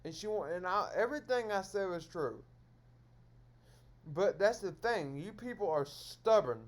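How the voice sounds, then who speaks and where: A man's voice: high-pitched, lively intonation, a little slow. A man lecturing his viewers in a solo stream monologue, scolding them over and over in repetitive phrases.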